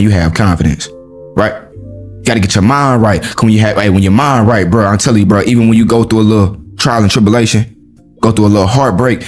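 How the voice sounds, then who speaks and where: Blunt, preachy man with street slang. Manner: lively, swings between high exclaims and low emphasis. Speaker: podcast host. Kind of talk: motivational monologue.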